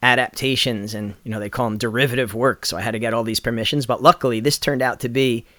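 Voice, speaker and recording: A man's voice: mid-range voice, fast talker, no echo, clean studio sound. A middle-aged man, a musician guest, chatting casually and animatedly in an interview, acting out quotes as he tells stories. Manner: animated storyteller, acts out quotes.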